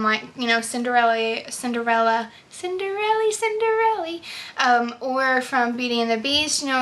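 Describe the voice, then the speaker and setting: A woman's voice: a little high, sharp tone. A young woman vlogging casual, enthusiastic book reviews, chatty with many fillers and restarts.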